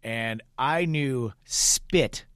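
A man's voice: mid-range voice, extremely slow, no room sound. A middle-aged man co-hosting a casual chat, telling stories with playful exaggeration. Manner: animated storyteller, playful exaggeration.

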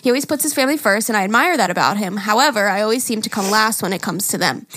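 A woman co-hosting a casual podcast. She talks frankly and teases her co-host, and she reads listener emails aloud in an even voice. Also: mid-range voice, fast.

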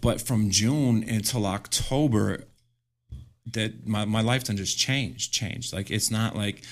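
A middle-aged man telling a story as a podcast guest in casual chat, animated and full of fillers, laughing often. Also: fairly low pitch, slow pace. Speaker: podcast guest, graffiti artist.

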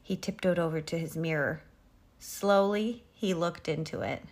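A woman reading a children's picture book aloud in an expressive, animated way. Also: lowish voice, normal speed. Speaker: reader.

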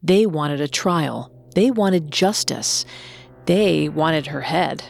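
A woman narrating a scripted true-crime story as a podcast co-host, measured with dramatic pauses. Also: sits low, animated, gravelly.

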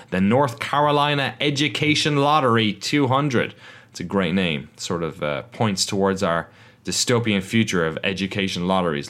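A man's voice: deep voice, a bit bright. A man hosting a casual motorsport news podcast, rambling with self-deprecating, sweary asides. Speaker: podcast host.

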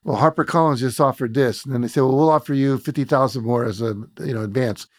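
Podcast host telling stories, dry sound. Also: male voice, medium pitch, fast, dry recording. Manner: storytelling, reflective. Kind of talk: casual interview chat.

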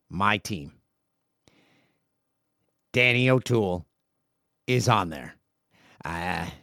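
A man's voice: on the low side, fairly bright tone, no echo, studio quality. A man in his forties hosting a casual solo podcast, reading listener emails aloud with jokey asides. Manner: chatty, jokey asides while reading mail. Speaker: podcast host.

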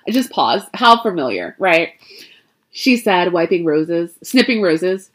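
Expressive woman storyteller, lowish voice. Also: unhurried. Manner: expressive, chatty, stumbles and laughs at her own jokes. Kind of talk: reading a story aloud with asides.

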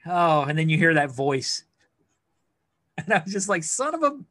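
A man's voice: fairly high pitch, moderate pace, bright, forceful tone, dry recording, clean studio sound. A man co-hosting a podcast, talking loosely and casually with plenty of fillers. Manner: loose, filler-heavy talk. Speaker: podcast co-host.

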